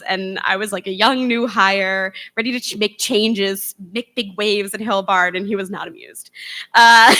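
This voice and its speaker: A woman's voice: mid-range voice, pushed and bright. A young woman, a former box office worker, gives a memorial tribute from a theater stage, talking in a chatty way with lots of ums. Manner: chatty, with frequent ums and laughs. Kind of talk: speech at a memorial event.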